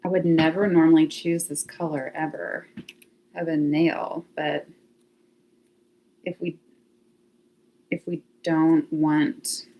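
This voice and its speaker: A woman's voice: low-pitched, little pitch movement, slow pace, pauses often, warm tone. A woman hosting a casual livestream from her home, chatting to viewers and thinking aloud with frequent laughs. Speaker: livestream host. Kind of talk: casual live chat to viewers. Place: home, near laundry closet.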